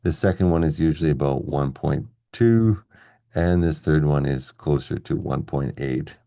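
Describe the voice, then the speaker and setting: A man's voice: rumbling low, moderate pace, warm tone, no echo, clean studio sound. A man teaching an English lesson on video, explaining step by step and checking in with "okay?" and "right?". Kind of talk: classroom-style video lesson.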